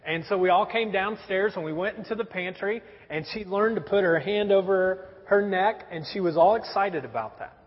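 A man in his thirties preaching a sermon, telling stories about his young children in a lively storytelling way. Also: sits high, moderate pace, few pauses. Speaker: pastor. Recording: dull recording in a reverberant hall.

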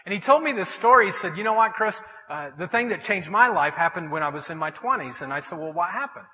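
A pastor delivers his sermon in a church sanctuary, his high voice swinging widely as he tells stories and acts out the voices of the people in them. The sound carries a long hall reverb. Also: fast talker. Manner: animated storytelling, acting out quoted voices.

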